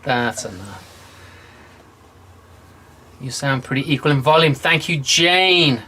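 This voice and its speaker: A man's voice: medium pitch, lively intonation, slightly rough. Chatty man hosting a livestream. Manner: chatty, upbeat, quick shout-outs to viewers. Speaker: host. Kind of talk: casual livestream chat. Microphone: video call.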